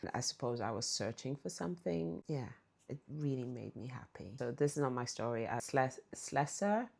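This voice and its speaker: A woman's voice: very deep voice, expressive, normal speed, gravelly, darkish tone, breathy edge. A woman telling a story to her viewers in a chatty way, speaking right to them. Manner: chatty, addresses viewers directly. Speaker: vlog storyteller. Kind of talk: casual storytelling to camera.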